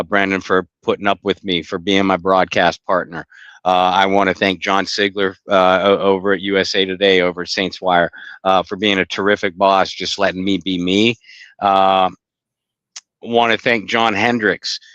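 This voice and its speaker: A man's voice: deep voice, fairly bright tone, smooth, no echo, highs cut off. Rambling, blunt male podcast co-host. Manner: rambling, halting, with many restarts and blunt profanity. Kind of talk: casual podcast chat.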